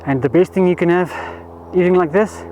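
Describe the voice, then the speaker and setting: A man's voice: high voice, fairly quick, mellow, a little hiss or hum, rough recording. A man, vlogging outdoors at a bush campsite, talking loosely with fillers and restarts. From South Africa. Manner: rambling, many fillers and restarts. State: out of breath. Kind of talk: casual camping vlog. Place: outdoors in bushveld at dusk.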